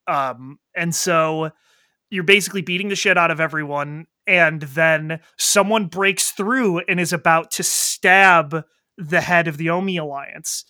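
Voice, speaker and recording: A man in casual chat who animatedly retells a video game story. He swears freely and acts out the characters in quick quoted lines. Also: fairly high pitch, pushed and bright, dry recording, studio quality.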